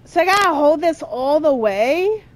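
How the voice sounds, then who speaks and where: A woman's voice: high voice, animated, measured pace. A young woman giving exasperated let's-play commentary while she plays, talking back to the game. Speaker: gameplay streamer.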